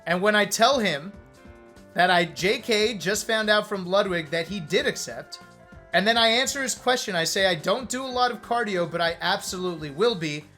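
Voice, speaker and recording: A man in his thirties, a streamer, casually telling a story to his chat, animated and joking, acting out what others said. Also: high-pitched. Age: 30s. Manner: animated, joking, acts out quoted lines.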